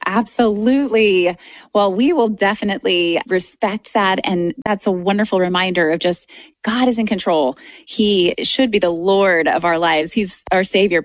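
A woman's voice: medium pitch, moderate pace, no echo. A woman hosting a Christian radio interview show, affirming and welcoming her guest.

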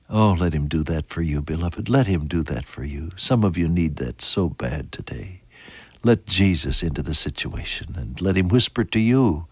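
A man preaching a sermon, earnest, building to emphatic high points and then falling soft and hushed. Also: expressive, unhurried, no echo.

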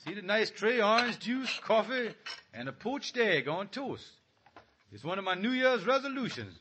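A man's voice: high-pitched, very animated, normal speed, pushed and bright, slight background noise, heavily acted. A man playing a scheming, blustering middle-aged husband in a radio comedy, talking in broken grammar and fawning to get his way. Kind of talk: 1940s radio comedy acting.

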